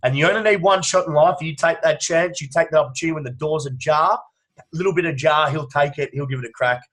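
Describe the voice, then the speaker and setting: An Australian strength and conditioning coach, appearing as a guest on a casual podcast, tells long, emphatic stories and swears freely. His voice is fairly high and fairly bright, and he talks quickly.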